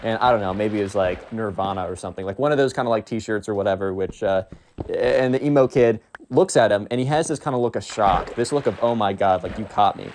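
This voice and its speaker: A man's voice: fairly low pitch, fast talker, darkish tone, a little hiss or hum. A young man telling a story casually, rambling with lots of filler words.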